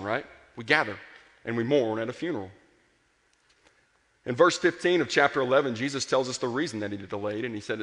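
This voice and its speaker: A man preaching a sermon with earnest emphasis, rising to passion and dropping soft. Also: mid-range voice. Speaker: pastor. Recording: long hall reverb.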